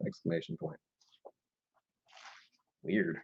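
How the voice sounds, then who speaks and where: A man's voice: lowish voice, measured pace, long pauses. A man chatting casually on a live stream and reading poetry aloud, rambling and muttering asides to himself. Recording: dull lo-fi stream audio.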